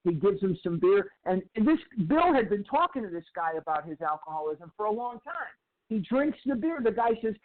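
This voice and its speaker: A man giving a twelve-step recovery talk in a storytelling lecture style, slowly repeating phrases for emphasis. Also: sits high, big pitch swings. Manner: slow, emphatic repetition of phrases. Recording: tinny phone-like sound.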